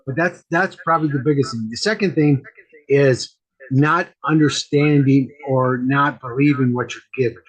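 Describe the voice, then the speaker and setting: A man's voice: medium pitch, normal speed, breathy edge, muffled recording. A man, a guest medium, talking casually on a podcast from a home studio with a green screen, telling stories and often repeating words. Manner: rambling storyteller, repeats words.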